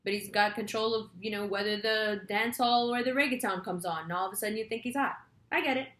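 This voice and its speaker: A woman astrology reader chats her way through a story in a loose, rambling monologue. Her voice sits in a middle pitch and she swears freely as she goes. The room around her is echoey. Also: fast talker, fairly bright tone.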